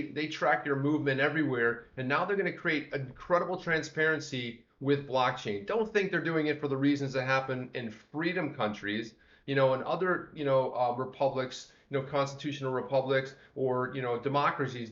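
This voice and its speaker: A man's voice: mid-range voice, a little fast, fairly bright tone. A man co-hosting a livestream, chatting in a rambling way and greeting viewers by name. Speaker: livestream co-host. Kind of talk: casual livestream chat. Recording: roomy, slightly dull livestream audio.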